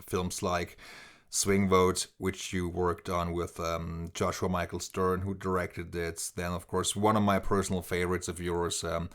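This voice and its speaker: A male interview host with a low, deep voice. He speaks in a measured, appreciative way as he reacts to his guest's stories and moves the conversation on. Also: flat delivery, smooth.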